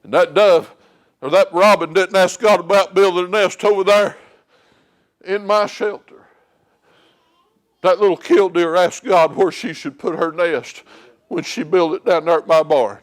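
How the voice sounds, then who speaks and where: High-voiced man preaching a folksy sermon. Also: steady tone, unhurried, pauses often. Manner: folksy, plain-spoken, homespun stories. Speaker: lay preacher. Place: church sanctuary.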